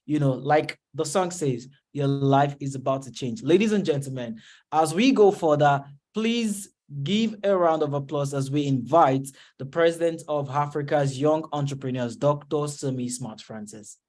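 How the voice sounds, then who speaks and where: A man's voice: fairly high pitch, moderate pace, darkish tone. A man hosting an online event as emcee, talking with lots of fillers. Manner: chatty, filler-heavy.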